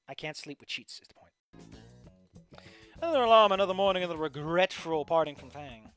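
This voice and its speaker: A man's voice: a little high, sharp tone. Rambling, swearing man reading fan fiction. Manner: rambling, profane asides. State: voice tiring. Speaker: story reader.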